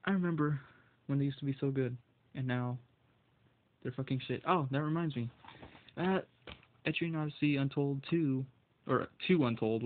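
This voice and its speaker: A man's voice: mid-range voice, phone-quality sound, slight background noise. A man ranting angrily about video game prices, swearing constantly and stumbling over his words, his voice shaking with anger. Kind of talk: angry solo rant.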